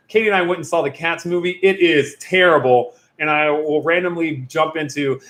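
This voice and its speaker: Youth pastor guy chatting on a stream, kinda high voice, rambly, echoey room. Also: moderate pace, a bit bright. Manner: rambling, chatty, self-interrupting. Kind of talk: casual livestream Q&A. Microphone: computer or phone mic on a video stream.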